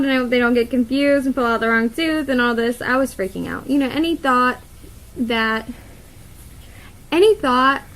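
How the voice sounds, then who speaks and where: A young woman with a slightly high voice tells a story in a casual vlog. She talks in a chatty, rambling way, full of fillers and quoted thoughts. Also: fairly bright tone, low-quality recording. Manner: chatty, many fillers and quoted inner thoughts, laughs often. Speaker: vlogger.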